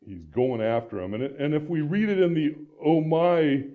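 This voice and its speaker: A man's voice: medium pitch, big pitch swings, brisk, narrow, tinny audio. A man from Iowa preaching a conversational sermon as pastor, with frequent restarts and "right?" asides. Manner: conversational, many restarts and tag questions.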